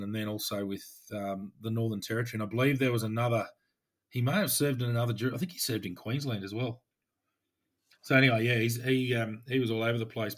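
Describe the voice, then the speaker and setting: An Australian man co-hosting a podcast, a police officer chatting in a relaxed, rambling way with frequent restarts. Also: mid-range voice. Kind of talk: casual chat.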